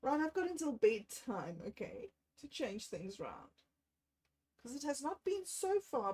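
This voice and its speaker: A woman, talking on a livestream about a bad day. She thinks aloud in a candid, self-deprecating way and sounds low and unwell. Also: big pitch swings, measured pace, darkish tone, rough recording. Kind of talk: rambling personal livestream.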